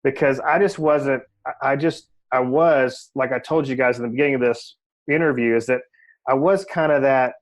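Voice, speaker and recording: A man's voice: mid-range voice, fairly even intonation, normal speed. A man who works as a real estate agent, a podcast guest telling his own story candidly and reflectively, leaning on "you know" fillers. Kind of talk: casual interview storytelling.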